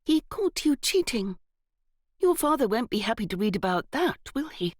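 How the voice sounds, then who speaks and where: A woman's voice: on the high side, very animated, moderate pace, dry recording, studio quality, voice pushed up. Young aristocratic heroine, severe and haughty, voiced by a woman narrator. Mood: cutting.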